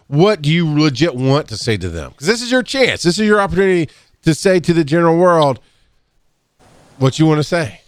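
A man hosting a casual podcast and speaking as an EMS educator. He talks bluntly, laughs often and clears his throat now and then. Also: a little fast, no room sound. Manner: blunt and animated, swings up in pitch when fired up.

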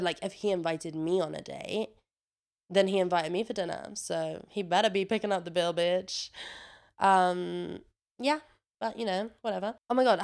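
Chatty young woman with a smooth, clear voice. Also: medium pitch. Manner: chatty, swears casually, says "like" a lot. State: a bit congested. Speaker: vlogger. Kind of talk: casual chatty vlog. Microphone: own microphone with a noise gate.

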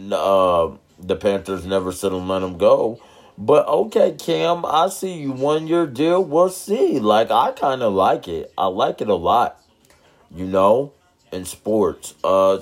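A man hosting his own podcast, talking casually and loosely with slang and lots of fillers. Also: low-pitched. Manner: laid-back, rambling, with slang and fillers. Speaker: podcast host. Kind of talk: casual solo podcast talk.

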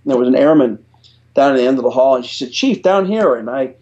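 A middle-aged American man speaks as a guest, recalling events in an earnest, halting way. He often stumbles and repeats words as he works through the memory. His voice sits at an ordinary male pitch, and the recording sounds slightly dull and lo-fi. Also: mellow. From United States. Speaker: podcast guest, retired Air Force chief master sergeant. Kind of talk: personal storytelling in an interview.

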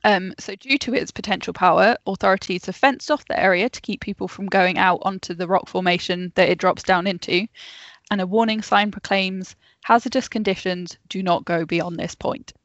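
A woman's voice: mid-range voice, fairly even intonation, normal speed, no echo. A woman co-hosting a casual podcast, telling a true story to friends and often breaking into giggles. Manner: giggly, easily sidetracked storyteller. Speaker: podcast co-host. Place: home, remote call. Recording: dull, dry lo-fi mic.

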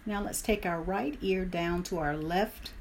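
Woman meditation leader: calm, instructive, lowish and gravelly, slow guided cues. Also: a little hiss or hum.

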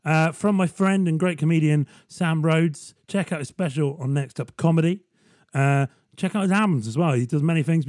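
A man riffing in a loose, sardonic comedy monologue, chuckling at his own lines. His voice sits slightly high for a man. The sound is dry and close, with no room at all. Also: darkish tone, no room sound. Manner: rambling, sardonic, laughs at his own jokes. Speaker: comedy podcast host.

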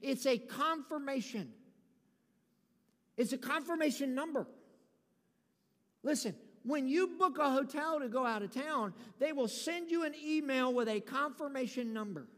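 A male pastor preaches with a very high voice, folksy and emphatic, building his points until he is shouting. His voice rings out with a long reverb through a large hall. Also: lively intonation, a little slow. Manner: folksy storytelling with humor. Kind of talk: sermon.

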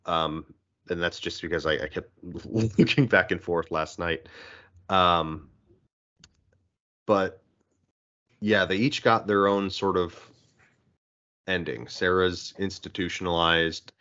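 A man's voice: low-pitched, slow, long pauses, highs cut off. A man talking casually and at length about a film, acting out quotes in other voices. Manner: rambling, animated, acts out quotes in voices. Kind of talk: casual podcast discussion.

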